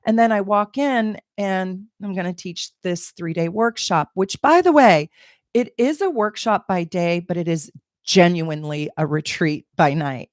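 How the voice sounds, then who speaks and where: A middle-aged woman, an astrologer, telling a personal story in an animated, emotional way, laughing and exclaiming. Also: on the low side, a little slow, no echo, clean studio sound. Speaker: astrologer and channel host. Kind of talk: casual personal storytelling to camera.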